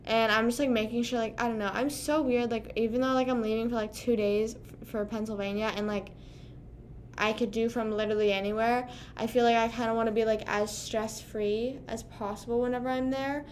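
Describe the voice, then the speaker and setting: A woman's voice: a little high, steady tone, fairly quick, a little hiss or hum. A young woman under twenty-one chatting casually on a live stream, rambling with lots of fillers. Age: young adult.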